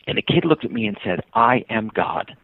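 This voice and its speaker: An American man, a guest on a podcast, telling a travel story in an animated way and acting out the voices of the people in it. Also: brisk, vocal fry, dry recording. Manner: acts out quoted voices with big pitch jumps. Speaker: guest, touring cyclist and author. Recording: dry, tinny phone-line sound.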